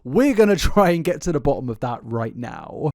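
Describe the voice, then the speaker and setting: A man hosting a YouTube commentary video, talking in an animated, casual way and stumbling over names now and then. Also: on the high side, moderate pace.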